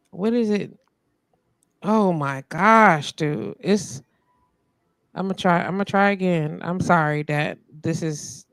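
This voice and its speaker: Frustrated host with a gravelly voice. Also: female voice, fairly low pitch, no room sound. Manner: frustrated, muttering while fixing tech. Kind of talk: casual live-stream chat.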